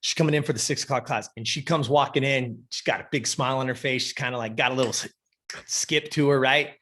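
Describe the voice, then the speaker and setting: A man's voice: mid-range voice, fairly even intonation, fast talker, fairly bright tone, a little hiss or hum. A man, a gym coach, telling a story as a podcast guest, emphatic and fired up, swearing freely.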